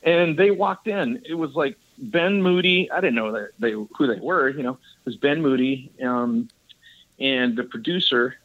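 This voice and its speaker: A man, a guest bass player, telling stories in a casual interview, rambling and enthusiastic, laughing often. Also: lively intonation, unhurried. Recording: dull lo-fi audio.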